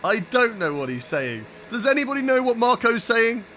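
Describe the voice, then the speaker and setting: A young man with a high, bright voice livestreams a racing game, talking straight to chat while he calls each corner. Faint engine noise from the game hums under his voice. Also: big pitch swings, normal speed. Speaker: streamer. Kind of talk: live gameplay commentary.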